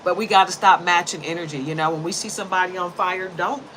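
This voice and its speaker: A woman in her forties, a tarot reader, telling a personal story in casual talk, animated, with loud bursts and low, earnest stretches. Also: fast, a little hiss or hum, rough recording.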